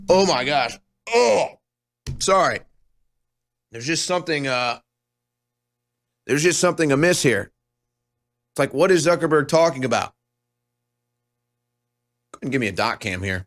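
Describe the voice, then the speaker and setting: A man's voice: on the high side, lively intonation, measured pace, pauses often, fairly bright tone, dry recording, clean studio sound. A young man hosting a talk show, delivering a sarcastic, scornful monologue that jumps between topics.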